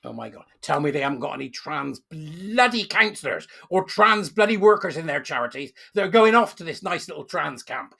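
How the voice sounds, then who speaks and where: Furious commentator, gravelly edge. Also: medium pitch, expressive, a little fast, few pauses, sharp tone. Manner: furious, ranting, emphatic. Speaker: online commentator. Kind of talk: angry opinion rant to camera.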